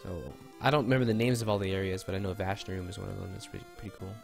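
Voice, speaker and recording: A man's voice: sits low, very fast, creaky, darkish tone, soft background music. A man giving casual, rambling and enthusiastic commentary while playing an old video game. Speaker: let's play host.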